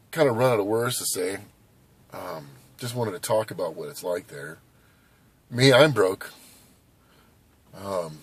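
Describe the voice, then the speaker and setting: A man in his forties from Southern California, chatting casually and rambling to camera as a vlogger, hyperactive and animated, outdoors at a skate park. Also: fairly low pitch, breathy edge. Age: 40s. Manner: hyperactive, animated, loose and conversational with many asides.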